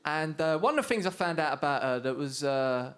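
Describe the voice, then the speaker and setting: Cheeky Essex comic, fairly high voice. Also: male voice, animated, fairly quick, smooth. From England. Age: young adult. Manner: cheeky storytelling with punchlines, shouted put-on voices. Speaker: stand-up comedian. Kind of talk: stand-up comedy set. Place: comedy studio stage with live audience.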